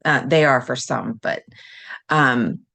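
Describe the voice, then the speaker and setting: A woman with a notably low voice hosts a live panel and introduces each speaker. She is gracious but rambling, and she pauses often on fillers. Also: creaky, bright, forceful tone. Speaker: host and minister introducing speakers.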